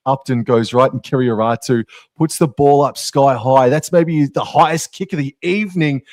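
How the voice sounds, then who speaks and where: Australian male co-commentator, mid-pitched, casual slangy banter, dry close sound. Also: moderate pace, a little mellow, no echo. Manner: casual and chatty, slang like "bro" and "mate". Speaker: sports co-commentator. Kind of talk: live sports commentary.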